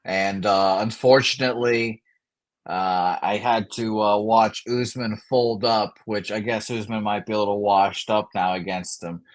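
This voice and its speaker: A man's voice: lowish voice, steady tone, measured pace. A man on a live betting stream giving blunt, dry opinions with lots of hesitations. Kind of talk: casual live stream chat.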